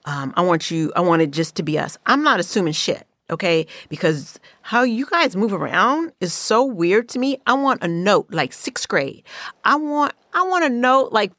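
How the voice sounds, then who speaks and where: A woman's voice: a little high, fairly bright tone, dry recording, clean studio sound. A middle-aged woman from the Bay Area hosting a podcast, telling personal stories in casual, candid, profane chat. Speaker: podcast host.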